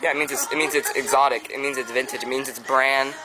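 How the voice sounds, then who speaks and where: Very deep-voiced joking young woman. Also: steady tone, fast talker, crowd noise, low-quality recording. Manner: joking, reading out product names. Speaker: vlogger shopping with her mother. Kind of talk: casual vlog chat. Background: background music.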